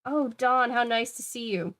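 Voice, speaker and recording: A woman reading aloud voices a tipsy teenage girl who talks slowly and slurs her words. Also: fairly high pitch, fairly bright tone, pitched above the performer's own voice. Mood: giddy. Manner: slow, drawn-out slurred speech.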